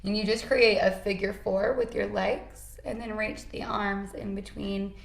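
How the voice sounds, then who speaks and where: A woman teaching a yoga class, calmly cueing poses and breaths with encouraging asides. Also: mid-range voice, a little slow, creaky, few pauses, roomy sound. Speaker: yoga instructor. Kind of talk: guided yoga class instruction.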